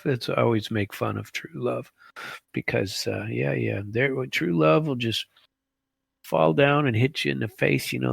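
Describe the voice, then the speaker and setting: Man, husky voice, rambling talk-show commentary, lots of asides. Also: mid-range voice, a bit bright, no room sound, clean studio sound. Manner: rambling, full of restarts and asides. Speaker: show host. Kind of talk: casual political commentary.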